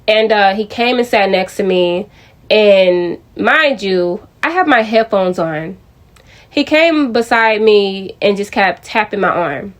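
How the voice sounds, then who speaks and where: A woman's voice: medium pitch, lively intonation, slow pace. A young adult woman telling a personal story to her viewers in a casual, chatty way, often addressing them directly. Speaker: vlogger.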